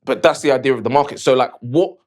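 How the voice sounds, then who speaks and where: A man's voice: mid-range voice, fast talker, darkish tone. A man co-hosting a casual debate show, pushing back with easygoing slang and fillers. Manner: casual, defends his view with slangy fillers. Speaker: co-host.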